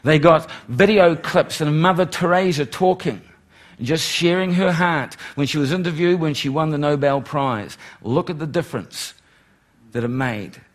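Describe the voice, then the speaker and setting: A middle-aged man preaching a sermon, animated, swinging from loud exclamations to hushed, pleading lines. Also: on the high side, moderate pace. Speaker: pastor.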